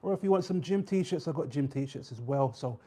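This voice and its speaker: A man's voice: fairly high pitch, expressive, slightly rough. Upbeat man hosting a livestream. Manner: upbeat, drawn-out shout-outs. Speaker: livestream host. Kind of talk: live-stream chat with viewers.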